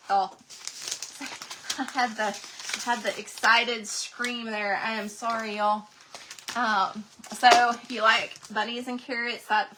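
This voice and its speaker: A woman's voice: on the high side, noisy background. A woman hosting a casual craft livestream, gushing and chatty as she talks to viewers in the chat.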